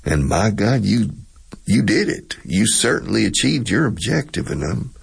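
A man's voice: lowish voice, sing-song, normal speed, creaky, breathy edge, pitched above the performer's own voice, exaggerated voice. A man doing a folksy Texan drawl. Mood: folksy, impressed. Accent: Texas.

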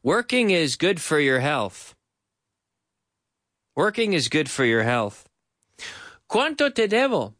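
A man's voice: a little high, very animated, slow, long pauses, fairly bright tone. A man teaching English in a live-streamed lesson, repeating phrases to drill them and switching between English and Spanish.

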